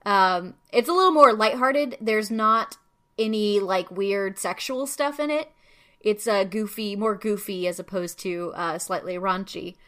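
Casting: bright, clear woman as a chatty host who rambles with lots of "um"s. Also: medium pitch, unhurried. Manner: chatty, explains at length with many fillers. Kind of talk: casual chat.

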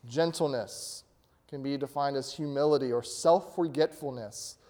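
A man's voice: medium pitch, normal speed, dark tone. A male pastor preaching a sermon, asking his congregation questions and rising to emphatic peaks. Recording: long hall reverb.

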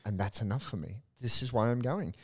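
A young adult male priest in casual faith discussion, earnest and animated, telling stories with a touch of humor. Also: mid-range voice, a little fast, slightly rough. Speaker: Catholic priest, co-host.

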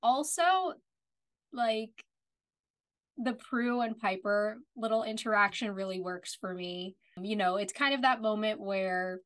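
A woman's voice: medium pitch, unhurried, fairly bright tone. A woman co-hosting a podcast, recapping a TV episode in casual chat full of "like" fillers. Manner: chatty, lots of "like" fillers. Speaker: podcast co-host.

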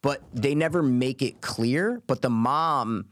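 A man's voice: mid-range voice, takes it slowly, no room sound. A man in a casual movie chat, emphatic and repetitive, swearing casually.

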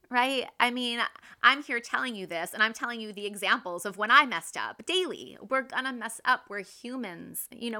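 A woman in her thirties hosting a casual, faith-based parenting talk, earnest and quick to act out her own everyday examples. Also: a little high, pushed and bright. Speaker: podcast host and mother.

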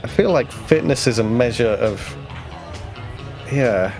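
A man taking part as a player in a tabletop game podcast, easygoing and relaxed. He talks at a mid pitch, with faint music in the background. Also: slow pace, creaky. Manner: easygoing, plays his character out loud.

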